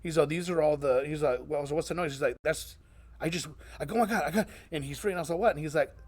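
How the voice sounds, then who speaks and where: A man's voice: on the high side, fast. A man streamer telling a gaming story in casual chat, acting out the voices of the people in it. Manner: animated, acts out voices in his stories. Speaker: streamer and interviewer.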